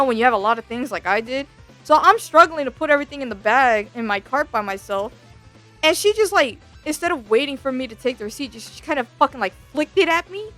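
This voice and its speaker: A woman VTuber telling a story in a casual, slangy rant, swearing freely. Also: sits high. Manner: animated, slangy, swears a lot.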